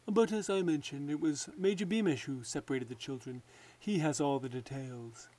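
A man voicing a scheming courtier lord who talks in a smooth, falsely courteous way. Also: on the high side, normal speed, a little mellow, natural voice. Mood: sly.

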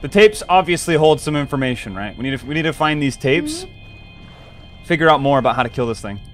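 Fast-talking man in a game chat. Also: a little high, big pitch swings, fairly bright tone, faint music behind. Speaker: gaming friend. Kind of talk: casual gaming chat.

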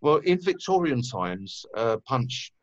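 A man's voice: mid-range voice, sing-song, takes it slowly, highs cut off. A man, a guest telling rambling stories with lots of fillers and swearing in a casual conversation. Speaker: guest musician.

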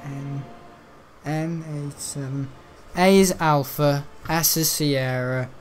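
A man with a voice on the high side speaks slowly. As a gaming channel host, he rambles chattily through gameplay commentary, swearing casually and restarting his sentences.

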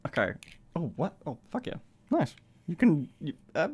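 Lively laughing young streamer guy. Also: medium pitch, normal speed. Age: 20s. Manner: laughs often, swears, self-conscious rambling. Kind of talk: casual live stream chat.

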